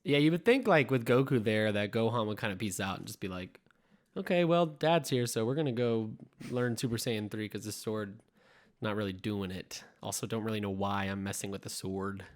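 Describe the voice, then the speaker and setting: A man's voice: lowish voice, moderate pace. Casual male podcast co-host. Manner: animated retelling with quoted voices.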